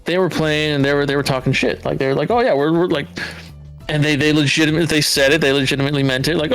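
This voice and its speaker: Man, from Southern California, podcast guest, casual animated storytelling, swears a lot, raised voice for quotes, faint music behind. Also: a little high, fast.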